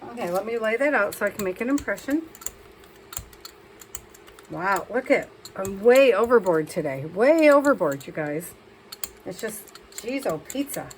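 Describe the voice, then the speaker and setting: A woman's voice: a little high, a little hiss or hum, poor audio. A woman talking casually through a crafting session as a vlogger, chatting and scolding herself as she works.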